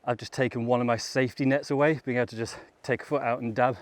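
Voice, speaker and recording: A man's voice: medium pitch, steady tone, fast talker, dry recording. A man vlogging outdoors on a bike trail, chatting casually and laughing often between remarks. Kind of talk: casual chat while riding.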